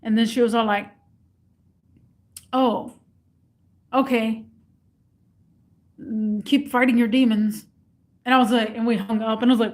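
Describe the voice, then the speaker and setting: A woman's voice: a little high, fairly even intonation, unhurried, long pauses. A young woman vlogger telling a story casually to her camera, acting out both sides of a phone call.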